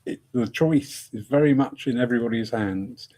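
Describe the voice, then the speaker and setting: A man's voice: mid-range voice, normal speed, dark tone. A man hosting a discussion evening, chatting in a rambling, self-mocking way and laughing often. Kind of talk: casual rambling talk.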